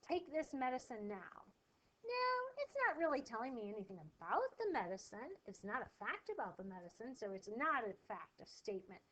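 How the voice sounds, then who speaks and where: A woman's voice: fairly high pitch, big pitch swings, fairly quick, hardly any pauses, bright, forceful tone, rough recording. A woman teacher explaining a lesson to her pupils, coaxing them with questions and reading the examples aloud with emphasis. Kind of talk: classroom lesson video.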